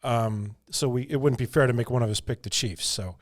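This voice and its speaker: A man's voice: medium pitch, a little fast. Male podcast co-host, casual and rambling, laughs easily. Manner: rambling, chuckles often. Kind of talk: casual chat.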